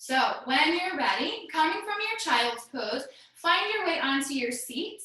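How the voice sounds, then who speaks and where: A woman's voice: high voice, sharp tone, heavy reverb, recorded from a distance, low-quality recording. A woman teaching a live yoga class, cueing poses in an upbeat way, sometimes half-singing, and a bit out of breath. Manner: upbeat cueing, sings some cues, laughs at herself. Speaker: yoga instructor. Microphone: laptop mic over a hotspot.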